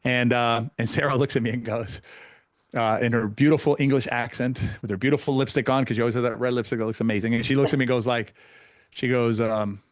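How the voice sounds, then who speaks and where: Fast-talking man coach. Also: mid-range voice, no room sound, studio quality. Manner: fast, animated storytelling with many restarts. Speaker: pickleball coach and guest. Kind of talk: casual podcast conversation.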